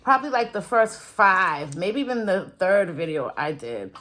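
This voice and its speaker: A woman's voice: mid-range voice, big pitch swings, moderate pace, a bit bright. A woman food vlogger chatting casually to her viewers while she cooks in a home kitchen, breaking off into muttered asides as she works. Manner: chatty, talks straight to viewers. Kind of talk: casual cooking and eating vlog.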